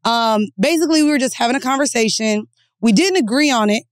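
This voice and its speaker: A woman co-hosting a podcast, telling stories in a blunt, profane, animated way. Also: a little high, fast talker, no room sound, studio quality. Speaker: podcast co-host. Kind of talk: candid casual chat.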